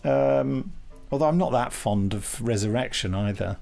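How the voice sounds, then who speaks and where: A man's voice: medium pitch, moderate pace, creaky, darkish tone, faint music behind. A man co-hosting a podcast, chatting in a wry, digressive way. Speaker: podcast co-host. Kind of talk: casual podcast commentary chat.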